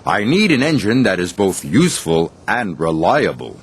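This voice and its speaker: A man's voice: sits low, very animated, normal speed, background noise. A man reading a formal railway boss. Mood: stern. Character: stern, dignified male railway boss. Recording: storybook reading over clear music.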